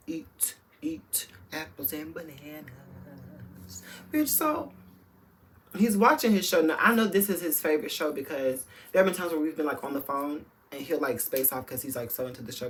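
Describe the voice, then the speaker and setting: Woman vlogger, low voice, candid and profane storytelling, chatty and direct to camera. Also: slight background noise. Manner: candid and profane, talks straight to viewers; chatty, many fillers and restarts. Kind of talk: storytime vlog.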